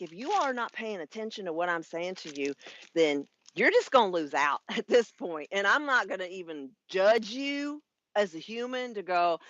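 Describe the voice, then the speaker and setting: A woman in her fifties hosts a casual live stream with a bright, lively voice that swings up and down as she talks. She is frank, swears easily and laughs a lot. The sound is dry and a little dull. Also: medium pitch, no echo. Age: 50s. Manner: chatty and frank, swears freely, laughs often. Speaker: spiritual life coach and YouTube live host. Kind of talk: casual livestream monologue.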